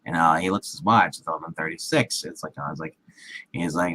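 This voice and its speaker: A man's voice: low voice, fairly even intonation, fast talker, bright, forceful tone, a little hiss or hum, rough recording. A man casually retelling a film scene with many restarts and acted-out quotes, as a movie show co-host. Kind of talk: casual movie recap chat.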